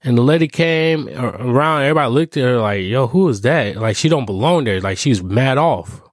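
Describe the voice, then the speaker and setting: A man's voice: mid-range voice, brisk, no room sound, studio quality. A young man telling a true personal story in casual slang, rambling along with lots of fillers.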